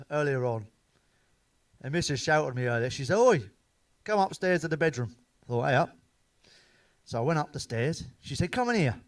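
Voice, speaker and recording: Sweary bloke telling jokes. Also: male voice, on the high side, smooth. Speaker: stand-up comedian. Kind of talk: joke-telling monologue to camera.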